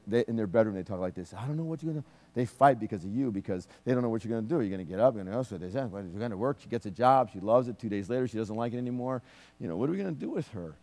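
A man who is a minister, praying and speaking personal prophecy to a congregant in a church, in a conversational, joking manner. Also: on the low side. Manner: warm, conversational, joking asides.

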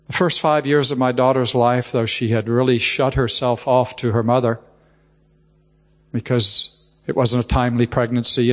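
A man's voice: mid-range voice, big-room sound. A man preaching a sermon, telling a heartfelt personal story and often repeating the word "just.".

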